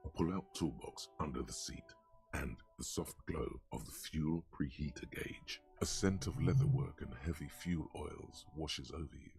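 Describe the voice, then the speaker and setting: A man voicing the brooding second-person narrator of a detective game, with a gravelly voice and slow, ominous delivery. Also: very deep voice, darkish tone, soft background music.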